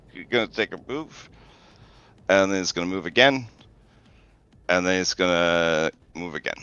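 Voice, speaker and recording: Bright-voiced man running a tabletop game. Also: deep voice, unhurried, long pauses, clean tone, dry recording, lo-fi sound. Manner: loose and chatty, swears, thinks aloud. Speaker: game master. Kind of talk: casual tabletop game narration.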